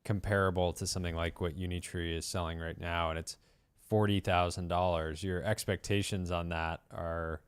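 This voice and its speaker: Smooth, low-voiced male co-host. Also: level tone, moderate pace, dry recording. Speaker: show co-host. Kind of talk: casual talk show chat.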